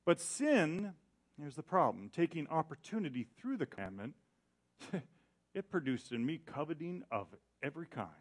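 A middle-aged male pastor preaching a sermon in an animated way, acting out quoted voices. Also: fairly high pitch, moderate pace.

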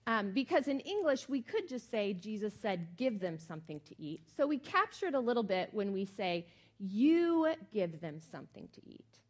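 A woman's voice: mid-range voice, very animated, a little fast, hardly any pauses. A middle-aged woman pastor giving a sermon in a conversational, emphatic way with many fillers.

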